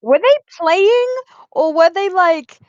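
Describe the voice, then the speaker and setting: A woman playing in a tabletop game, asking unhurried questions. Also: very high-pitched, expressive, dry recording, lo-fi sound. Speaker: player. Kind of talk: casual tabletop play.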